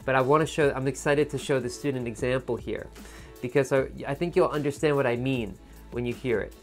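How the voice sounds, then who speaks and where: A man teaching in a video lesson, with a voice of middling pitch and a patient, explaining manner. He breaks down word stress for test takers and says example words again and again to model them. Soft music sits faintly behind him. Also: fairly even intonation, fairly quick.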